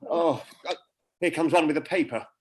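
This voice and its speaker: A man's voice: a little high, moderate pace, husky. A man playing a lovesick, wry young courtier. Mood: exasperated. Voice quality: self-mocking, exclamatory. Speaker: actor. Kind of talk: live-streamed Shakespeare reading.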